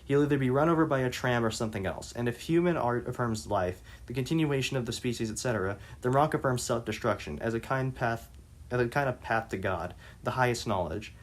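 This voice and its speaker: A man reading interview passages aloud and commenting on them, halting with frequent restarts and fillers. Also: mid-range voice. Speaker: reader and commentator.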